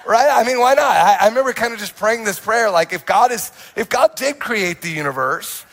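Young male pastor, animated testimony, slightly high voice, restless restarts. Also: brisk, creaky. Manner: animated storytelling with many restarts and quoted asides. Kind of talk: sermon testimony.

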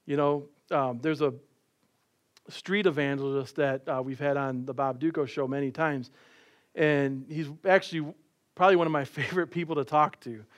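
Storytelling male preacher, higher-pitched. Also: fairly even intonation, moderate pace. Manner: storytelling with light laughs and playful quoted voices. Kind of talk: sermon.

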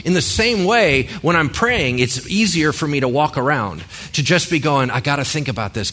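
A man's voice: on the high side, big pitch swings, fairly quick, hardly any pauses, pushed and bright, soft background music. A male pastor giving a sermon in a conversational way, with joking asides and rhetorical questions.

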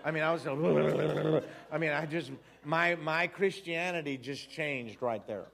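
A man giving an animated personal testimony, acting out voices, laughing and repeating himself as he tells it. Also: a little high, slow, vocal fry.

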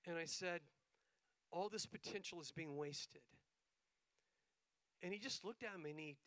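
A man's voice: high-pitched, unhurried, fairly bright tone, clear, resonant tone, no echo, rough recording. A middle-aged male pastor telling a story in a sermon, acting out the dialogue as he goes.

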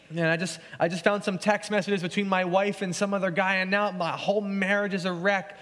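A man's voice: high voice, flat delivery, brisk, hardly any pauses. Earnest preaching man in a reverberant hall. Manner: earnest, conversational preaching that drops soft for scripture. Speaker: pastor. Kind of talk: sermon.

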